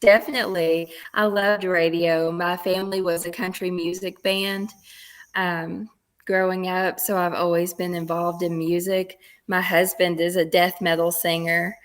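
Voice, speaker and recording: Low-voiced woman with a Kentucky accent. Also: flat delivery, unhurried. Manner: open, laughs often. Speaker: guest, former wrestler. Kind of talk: casual interview chat.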